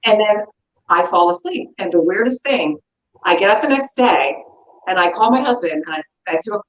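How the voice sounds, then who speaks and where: Woman guest, casual storyteller, animated, acts out her dialogue; echoey, muffled take. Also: mid-range voice, normal speed. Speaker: guest telling a ghost story.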